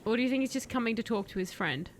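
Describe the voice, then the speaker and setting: A woman streaming a horror game, chatting playfully with her chat and breaking into excited shouts. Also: fairly high pitch, very fast. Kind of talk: live game commentary. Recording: faint background noise.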